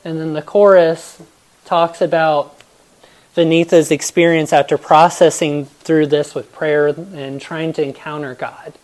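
A woman with a notably low voice gives a devotional Bible talk. She speaks earnestly and reflectively as she tells stories. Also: steady tone, a little slow, darkish tone.

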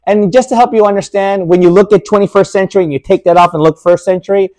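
Give me a man with a high-pitched voice preaching an emphatic sermon. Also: fairly even intonation, dark tone. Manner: emphatic, rhetorical questions, slows down for stress.

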